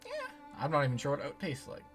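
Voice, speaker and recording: An easygoing man with a mid-range voice, chatting casually as a guest over a call. He mostly gives short, relaxed agreements and laughs easily. Faint music sits in the background. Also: medium pitch, quick pace. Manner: laid-back, short agreeing replies, laughs often. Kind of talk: casual chat.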